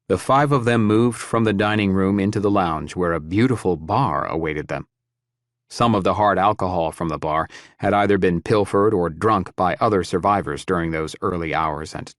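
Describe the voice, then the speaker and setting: A male audiobook narrator with a very deep voice reads in a steady, measured way. The recording is dry and close, with no room sound. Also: dry recording. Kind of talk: scripted narration.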